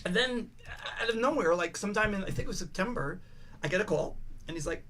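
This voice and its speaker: A man's voice: high-pitched, fast talker, sharp tone, a little hiss or hum. An older man, a podcast guest, telling rambling stories in casual chat, restarting sentences, swearing and acting out the voices of the people he quotes.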